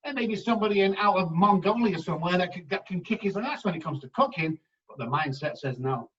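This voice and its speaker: A man speaking as a guest on a podcast interview, telling emphatic, animated anecdotes about how words shape the mind. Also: high-pitched, fast talker. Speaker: guest addiction specialist. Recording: slightly dull, distant mic.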